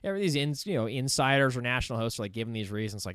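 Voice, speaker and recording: A man's voice: medium pitch, very fast, a bit bright, clean tone, no room sound, clean studio sound. A young man hosting casual sports commentary, rambling and opinionated, with lots of filler words. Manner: rambling, heavy use of "like", opinionated.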